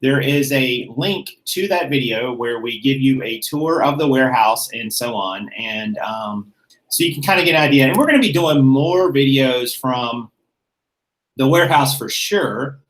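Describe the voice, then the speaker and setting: A man's voice: mid-range voice, expressive, normal speed, fairly bright tone, rough recording. Man, channel host, casual chat, self-mocking, easy laughs.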